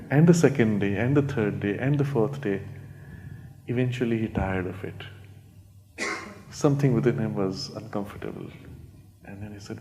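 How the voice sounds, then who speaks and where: Male spiritual teacher, gentle storyteller, mellow warm tone, rhetorical questions to the room. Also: mid-range voice, moderate pace, pauses often. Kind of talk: spiritual retreat talk. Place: retreat talk before a live audience.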